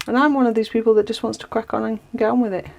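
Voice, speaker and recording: Rapid-fire and creaky, her voice runs on the high side with fairly even intonation and a darkish tone. She's a vlogger in her 40s renovating a small caravan on a windy day, talking self-deprecatingly to her own stabilized camera, which sometimes drifts far off, and rambling until she loses her thread. Expect an echoey little space and faint wind.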